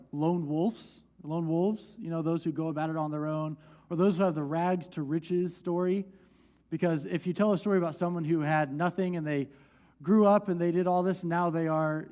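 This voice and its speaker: A man's voice: fairly high pitch, darkish tone. A young man pastor teaching a church group from the stage in a conversational way, with restarts and light laughs.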